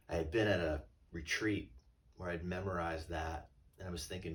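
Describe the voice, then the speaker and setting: Low-voiced male pastor, storytelling. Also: fairly even intonation, moderate pace, fairly bright tone, distant mic. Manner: conversational and storytelling. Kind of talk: sermon.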